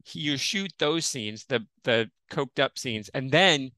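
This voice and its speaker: A man guesting on a film podcast, talking in an animated, jokey way. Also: mid-range voice, measured pace, dry recording. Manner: animated, jokey, acts out quotes. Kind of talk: casual film discussion chat.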